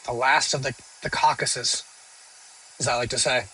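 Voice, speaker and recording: A man's voice: medium pitch, fairly even intonation, moderate pace, pushed and bright, a little hiss or hum, poor audio. A young man streaming live, casually answering viewer questions in a rambling, joking way full of fillers and restarts. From northern United States.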